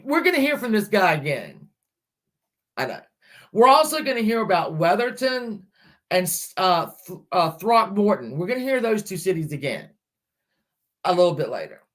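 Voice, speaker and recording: This livestream host recounts a true-crime case to her live chat, chatting casually and stopping partway through to answer comments and say hello to viewers. She speaks at a normal speed with a medium pitch, very animated, and pauses often.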